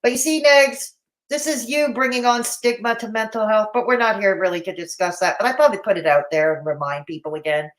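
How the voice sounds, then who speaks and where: A woman's voice: medium pitch, fairly quick. A woman hosting a live commentary stream, blunt and mocking in tone, with a Canadian accent. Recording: roomy echo.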